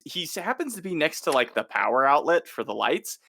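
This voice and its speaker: Animated bright-voiced man recapping a show. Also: a little high, fairly quick, creaky, dry recording, studio quality. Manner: animated retelling, acts out the characters' lines. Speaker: podcast co-host. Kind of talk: casual recap chat.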